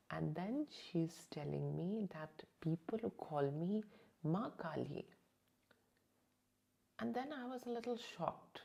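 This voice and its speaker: A woman's voice: sits low, a little slow, creaky, a little mellow. A woman hosting her channel, recounting a personal experience in emotional first-person storytelling, hesitant with many fillers and sometimes dropping to a near-whisper. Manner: hesitant, many "you know" fillers, drops to near-whisper at intense moments.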